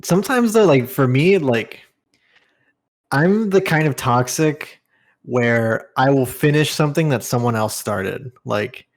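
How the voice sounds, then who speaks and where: A man's voice: mid-range voice, animated, a little slow. Chatty male co-host, casual podcast banter, medium voice. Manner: chatty, full of fillers and laughs. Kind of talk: casual chat.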